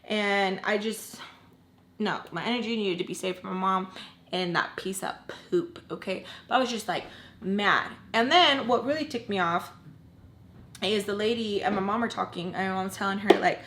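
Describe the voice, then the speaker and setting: A young woman telling a personal story in a casual, animated way, with lots of swearing and "like", acting out the people she quotes. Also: mid-range voice, moderate pace, a little hiss or hum. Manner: animated, profane, many likes, acts out quoted people. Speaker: storytime vlogger.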